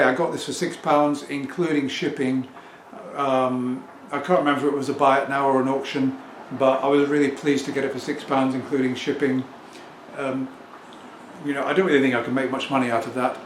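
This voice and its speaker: A middle-aged man with an English accent, talking casually and at length as a record-selling vlogger, self-assured and rambling. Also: on the high side. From England. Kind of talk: casual talk to camera. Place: home room with turntable. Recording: echoey room with faint ambient noise.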